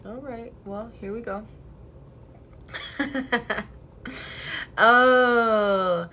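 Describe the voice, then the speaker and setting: A young woman vlogger chatting casually and excitedly, swearing freely as she tells a story. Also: fairly high pitch, drawn-out words, long pauses. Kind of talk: casual chat. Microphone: headphone mic.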